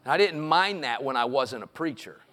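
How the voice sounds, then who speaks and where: Middle-aged pastor, clear bright tone, storytelling sermon in a church sanctuary. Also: male voice, mid-range voice, expressive, a little fast, faint music behind. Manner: storytelling, building to loud impassioned preaching.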